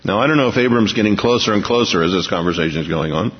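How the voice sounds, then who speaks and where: Man, pastor, low voice, emphatic sermon, long church reverb, dull muffled recording. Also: expressive, racing, breathy edge. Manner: emphatic, reads scripture aloud with dramatic rises. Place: large church auditorium. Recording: dull, echoey recording of a big church hall.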